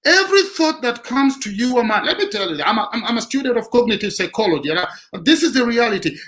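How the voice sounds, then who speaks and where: A man's voice: sits high, fairly bright tone, low-quality recording. A man giving a motivational talk who repeats his key lines for emphasis. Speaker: motivational speaker.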